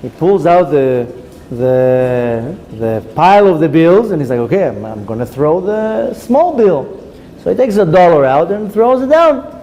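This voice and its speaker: A man teaching a Torah class, a lively storyteller who acts out the characters in his stories. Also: fairly high pitch, unhurried, a little hiss or hum, poor audio. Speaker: rabbi.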